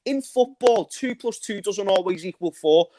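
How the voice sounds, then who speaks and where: Hoarse, passionate fan. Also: male voice, sits high, animated, normal speed, no room sound. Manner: passionate, ranting, bursts into laughing shouts. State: hoarse from shouting. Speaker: fan channel co-host. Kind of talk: excited football fan reaction chat.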